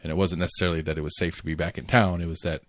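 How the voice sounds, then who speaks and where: A man's voice: low voice, flat delivery, very fast, no room sound, clean studio sound. A man co-hosting a casual current-affairs podcast, rambling with lots of fillers and restarts and the odd swear word. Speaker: podcast co-host.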